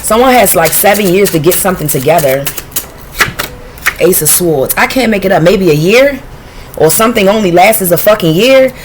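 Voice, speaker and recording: A woman reads tarot cards in a loose, off-the-cuff way, cursing freely and talking to her viewers in a blunt, streetwise tone. Her voice sits at an ordinary middle pitch. Clear background noise runs under the recording. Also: moderate pace. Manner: blunt, profane, streetwise and animated. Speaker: tarot reader. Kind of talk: casual intuitive tarot reading.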